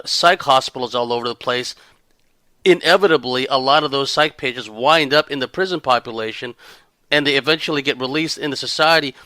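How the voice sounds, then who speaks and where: A man's voice: medium pitch, bright, forceful tone, no echo. A man hosting an interview, offering articulate, wordy reflections on what his guest said. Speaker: host. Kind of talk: interview commentary.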